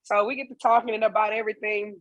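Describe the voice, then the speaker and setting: A woman guest on a casual podcast interview, a singer and percussionist telling stories in a lively way. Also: fairly low pitch, normal speed, no echo, highs cut off. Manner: lively storyteller, acts out dialogue.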